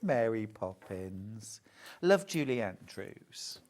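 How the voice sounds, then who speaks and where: Low-voiced British woman, middle-aged, chatty live shopping-channel host. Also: animated, a little slow. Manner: chatty, gushing over fabrics.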